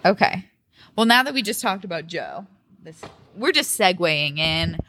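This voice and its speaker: A woman's voice: fairly low pitch, lively intonation, normal speed, bright, forceful tone, a little hiss or hum. A woman co-hosting a podcast, chatting casually and reacting to her friend's stories. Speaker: podcast co-host. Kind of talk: casual chat.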